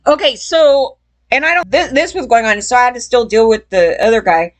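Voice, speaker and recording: A young adult woman telling a personal story in a loose, rambling way, swearing often, laughing, and jumping up in pitch when she gets emphatic. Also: brisk. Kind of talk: casual storytelling.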